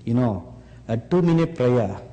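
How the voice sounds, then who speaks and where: A man preaching a sermon, speaking slowly and emphatically and rising on rhetorical questions to his listeners. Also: medium pitch, expressive, warm tone, muffled recording. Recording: long hall reverb.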